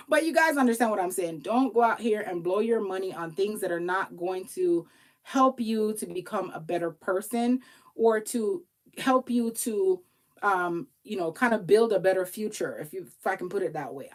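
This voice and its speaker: Brief: lively woman coach talking straight to camera, higher pitch, acts out quick quoted bits, begs viewers not to waste money. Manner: animated, acts out little quoted exchanges in changed voices; pleading, repeats herself for emphasis. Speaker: tax professional and business coach. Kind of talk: casual motivational talk to viewers.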